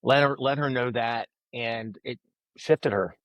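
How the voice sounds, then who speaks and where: A man tells a story in casual conversation, with an ordinary mid-range pitch and lively delivery. He slips into the voices of the people he quotes. The sound is dry and close, with no room echo. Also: a little slow. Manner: animated storyteller who acts out quoted voices. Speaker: podcast guest, author.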